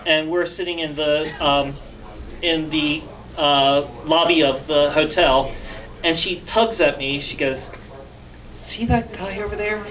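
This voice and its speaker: A man's voice: fairly high pitch, fairly even intonation, slow pace, a bit bright. A man doing stand-up comedy and hosting, with lots of fillers, laughing at his own jokes. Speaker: stand-up comedian and show host.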